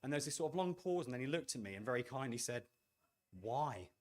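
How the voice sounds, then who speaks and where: A middle-aged man who runs a game studio gives a talk to an audience, animated and self-deprecating, acting out the remarks he quotes. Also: medium pitch, racing.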